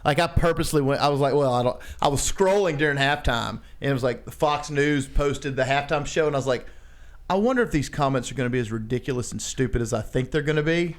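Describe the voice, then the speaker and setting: A man co-hosting a podcast, telling stories in casual chat, animated, swearing and laughing often. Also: medium pitch, quick pace. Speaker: podcast co-host.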